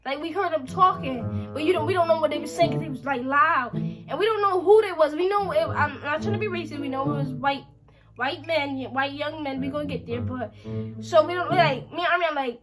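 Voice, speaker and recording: A woman's voice: high-pitched, brisk. A young woman vlogger telling a storytime in a casual, slangy way, acting out the lines of the people in her story. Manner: animated, slangy storytelling with quoted dialogue. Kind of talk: storytime vlog. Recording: music playing under the voice.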